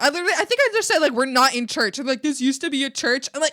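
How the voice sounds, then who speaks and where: High-voiced woman ranting with bursts of laughter. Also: rapid-fire, few pauses, dry recording, studio quality. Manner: animated, swears a lot, laughs and shouts in bursts. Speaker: streamer. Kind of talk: casual rant while drawing on stream.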